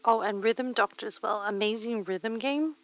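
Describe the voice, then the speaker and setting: A woman streamer chatting casually while she sews, reading chat aloud and muttering soft whispers to herself. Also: mid-range voice, normal speed, rough recording. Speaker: live streamer.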